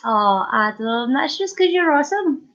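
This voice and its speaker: A woman's voice: high voice, normal speed. Chatty Scottish woman on lo-fi stream. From Scotland. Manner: chatty and playful, reads comments aloud, animated storytelling. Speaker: livestream host. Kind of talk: casual live-stream chat. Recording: dull lo-fi stream audio.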